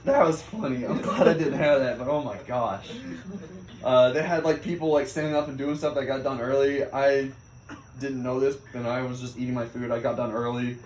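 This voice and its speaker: A young man, a Navy sailor, casually telling a story about his deployment, laughing often and acting out the things people shouted at him. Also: medium pitch, normal speed, slight background noise. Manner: animated, laughs often, acts out quoted shouts. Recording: echoey room.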